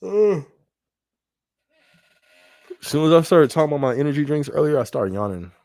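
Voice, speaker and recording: A man's voice: on the high side, big pitch swings, normal speed, a little mellow, dry recording. A man hosting a casual live-stream podcast, talking loosely and often checking in with "you know what I mean.". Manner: conversational, repeats phrases, frequent "you know what I mean". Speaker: podcast host.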